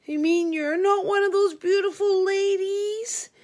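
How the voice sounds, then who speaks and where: A woman's voice: very high voice, steady tone, measured pace, a little mellow, pitched above the performer's own voice. A woman voicing a whiny male prisoner who pleads and begs, in a storybook reading. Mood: whining. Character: whiny jailed man begging for calls.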